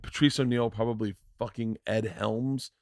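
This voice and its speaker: Animated male podcast host telling stories. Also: normal speed, no echo, clean studio sound. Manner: animated, jumps into loud high-pitched impressions when quoting. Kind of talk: casual storytelling chat.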